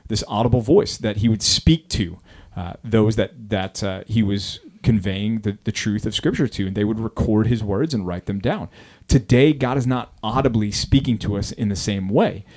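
A man who is a pastor, chatting casually on a podcast about a Bible passage in a relaxed, rambling way. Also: on the low side.

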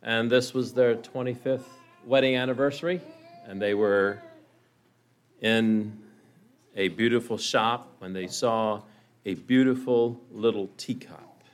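A man preaching, telling a parable in a dramatic, expressive way. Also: medium pitch, measured pace. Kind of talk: sermon storytelling.

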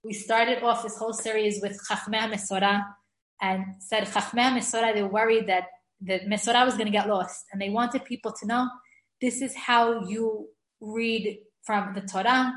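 A woman's voice: medium pitch, fairly even intonation, moderate pace, a bit bright, echoey room. A woman teaching an online class, chatty and enthusiastic, often laughing and restarting her sentences. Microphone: video call.

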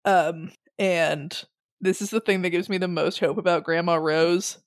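A woman's voice: lowish voice, unhurried. A woman in casual podcast chat who keeps breaking into laughter and voices the characters' lines as she retells them. The sound is dry and close, with no room echo around her voice. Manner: animated, laughs often, acts out characters' lines. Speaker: podcast co-host. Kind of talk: casual book discussion chat.

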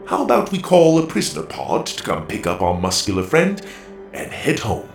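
A man doing a creaky, lilting wise mentor. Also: fairly low pitch, wildly swooping pitch, roomy sound, soft background music, exaggerated voice. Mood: reflective. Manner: measured, reflective, gently persuasive.

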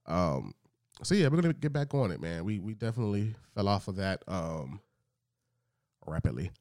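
A man of about thirty co-hosting a podcast, talking in a dry, low-key, teasing way. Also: very animated, normal speed, a little mellow, no echo. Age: 30s. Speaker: podcast co-host. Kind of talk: casual chat.

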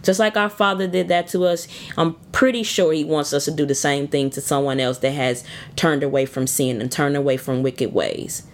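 A woman with a notably deep, low-pitched voice speaks in an informal devotional talk. She talks earnestly and conversationally, urging her listeners along. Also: normal speed.

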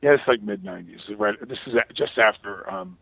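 A man, a guest, telling anecdotes in a casual, animated way, restarting phrases and swearing as he goes. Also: on the low side, brisk, vocal fry, no echo, narrow, tinny audio. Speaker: guest, actor.

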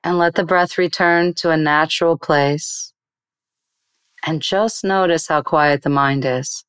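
A woman meditation teacher explaining meditation in an interview and then slowly guiding a breathing exercise in a soothing voice. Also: sits low, steady tone, fairly bright tone, clear, resonant tone, no room sound.

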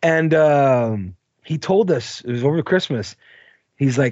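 A man's voice: medium pitch, animated, unhurried, a little mellow, no echo, dull audio. A man co-hosting a podcast, casually telling a long story, rambling, swearing and laughing along. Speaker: podcast co-host.

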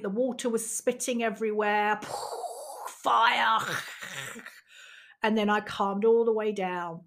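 A woman, a teacher of emotional skills, talking frankly and reflectively about her own experiences and swearing casually. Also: medium pitch. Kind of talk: candid personal monologue.

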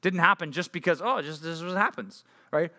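A young man preaching a sermon to junior high students in an animated, conversational way, full of rhetorical questions. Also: brisk. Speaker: youth pastor.

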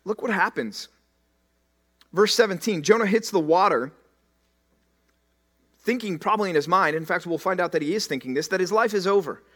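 A male pastor with a voice that sits high preaches a sermon, acting out scripture in the first person. He swings between loud declaiming and hushed, slow emphasis.

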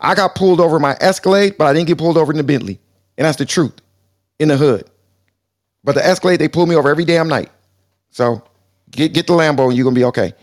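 A man's voice: a little high, fast, pauses often. A man moderating a live chat room, casual and streetwise, joking and calling people brother. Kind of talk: casual slangy banter.

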